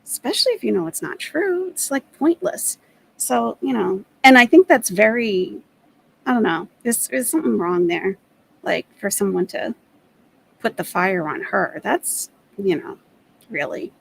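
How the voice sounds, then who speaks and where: A woman hosting a commentary stream speaks earnestly and firmly to her chat. Her mid-pitched voice carries a gravelly fry, and there is a faint hiss behind her. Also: animated, unhurried, poor audio. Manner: firm, earnest, moderating. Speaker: commentary channel host.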